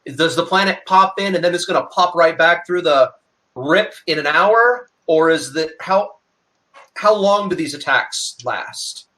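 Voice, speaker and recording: A man with a high, bright voice talks as a player in a tabletop game. He rambles eagerly and runs one idea into the next. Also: a little slow. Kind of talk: casual tabletop game chat.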